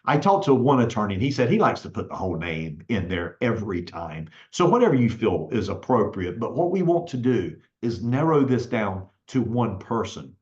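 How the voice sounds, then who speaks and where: A man's voice: fairly low pitch, big pitch swings, moderate pace, few pauses, darkish tone. Male instructor in a roomy, dull recording. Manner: explains patiently, checks in with "okay?". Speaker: real estate instructor. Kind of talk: recorded lecture walking through a contract.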